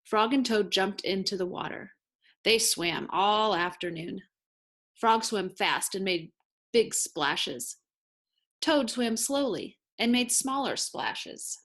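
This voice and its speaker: A woman teacher reads a children's picture book aloud at an easy, measured pace. Her narration is clear and gentle, made for young listeners. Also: mid-range voice, expressive. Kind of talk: read-aloud storybook narration.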